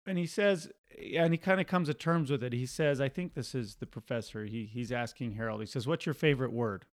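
A man co-hosting a casual film discussion, retelling scenes with bursts of laughter and quick acted quotes. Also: mid-range voice, no room sound, clean studio sound. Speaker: podcast co-host.

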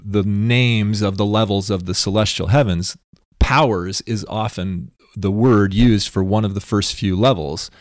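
A man with a low voice works through religious ideas on a podcast, thinking aloud and looping back to check that he is followed. The sound is dry and close, with no room around him. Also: darkish tone, no room sound. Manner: musing, thinks aloud with restarts and tag questions. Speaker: podcast co-host. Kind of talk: casual religious discussion.

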